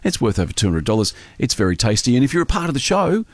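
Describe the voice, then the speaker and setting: A man's voice: mid-range voice, big pitch swings, fast talker, no room sound. A man hosting a radio show in a studio, chatting in an upbeat way. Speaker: radio host. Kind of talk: breakfast radio chat. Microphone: studio mic.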